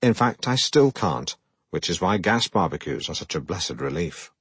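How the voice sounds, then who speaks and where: An actor playing a pompous, self-regarding middle-aged broadcaster who narrates his own memoir in a deadpan way. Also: low voice, moderate pace, husky, no room sound, exaggerated voice. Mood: self-important. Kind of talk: comic audiobook narration.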